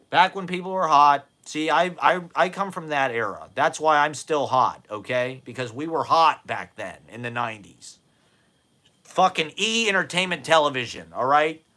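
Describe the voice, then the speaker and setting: A man in his forties from the United States rambles through a loose monologue, self-deprecating and quick to swear. His voice is bright and forward, sitting in an ordinary middle pitch. He laughs often and sometimes wanders off-mic.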